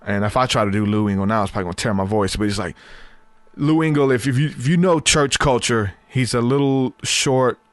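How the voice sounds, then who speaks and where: A man hosting a podcast, telling a story in a casual, animated way and laughing easily. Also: medium pitch, fairly quick, dry recording. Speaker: podcast host.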